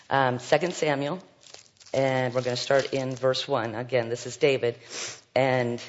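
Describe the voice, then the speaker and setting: A man leading a Bible study, reading scripture aloud and commenting with frequent fillers and asides. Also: medium pitch. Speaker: Bible teacher. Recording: dull sound with long hall reverb.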